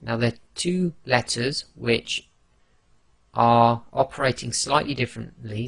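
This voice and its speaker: Man, teacher, slow deliberate pace, gravelly low rasp, dry close sound, patient demonstrations. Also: a bit bright, dry recording. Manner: patient, demonstrates each letter sound slowly. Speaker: Quran recitation teacher. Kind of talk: slow instructional explanation.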